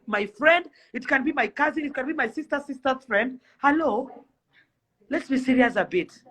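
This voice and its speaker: A young woman with a Kenyan accent speaks in an impassioned rant to camera. Her voice is bright and sharp. She pleads and fires off rapid rhetorical questions. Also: high voice. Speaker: celebrity influencer.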